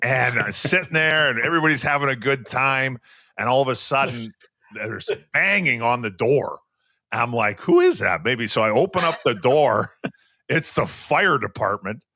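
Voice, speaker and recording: Animated man telling hockey stories. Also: mid-range voice, normal speed, dry recording, studio quality. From Western Canada. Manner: animated storyteller, acts out quotes. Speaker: podcast co-host, former hockey player. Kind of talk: casual storytelling.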